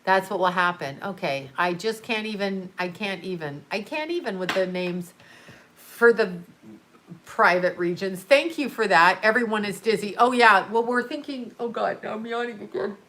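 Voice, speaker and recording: A woman's voice: medium pitch, moderate pace, fairly bright tone, slight background noise. A woman hosting a livestream, chatting casually and rambling, laughing often as she answers viewers. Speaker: livestream host reading chat. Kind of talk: casual chat.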